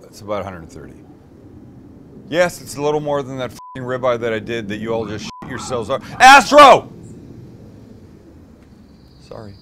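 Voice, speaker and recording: A man's voice: medium pitch, brisk, a little hiss or hum. A middle-aged man hosting a casual cooking demo, enthusiastic and swearing as he tastes his food on camera. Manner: enthusiastic, swears, talks to camera while eating. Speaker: cooking show host.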